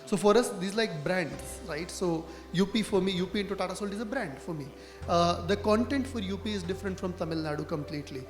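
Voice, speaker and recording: A man with an Indian English accent talks on a conference panel, his voice notably high. He speaks conversationally, tossing in "right?" and "you know". The sound is roomy, with a long hall reverb and clear music in the background. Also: brisk. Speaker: panelist, brand marketer.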